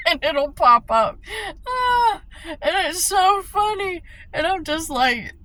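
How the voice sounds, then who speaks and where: Bright-voiced woman ranting casually. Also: high-pitched, expressive, slow pace, pauses often. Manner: swears freely, laughs often, repeats herself. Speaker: vlogger. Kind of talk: casual rant to camera.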